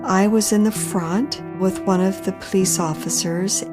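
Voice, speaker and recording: A woman telling a personal story for a podcast in a slow, measured way, pausing often. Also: mid-range voice, steady tone, music in the background. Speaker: storyteller recounting her own experience.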